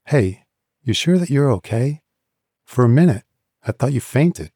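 A man's voice: medium pitch, sing-song, measured pace, dark tone, slightly rough, dry recording, studio quality, voice pushed up, full character voice. A man voicing a friendly, teasing young woman bartender in an audiobook. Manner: chatty, playful.

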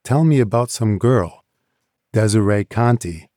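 A man's voice: fairly low pitch, animated, a little slow, dark tone, no room sound, clean studio sound. A man voicing a friendly, teasing young woman bartender in an audiobook. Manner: chatty, playful.

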